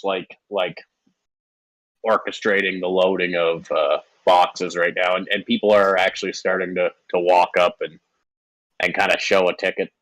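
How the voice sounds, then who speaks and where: A man narrates a tabletop game as its game master, his voice sitting a bit low. He stumbles through fillers and restarts as he describes the scene. The sound is dry and close. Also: fairly bright tone, no echo, low-quality recording. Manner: halting, many fillers and restarts.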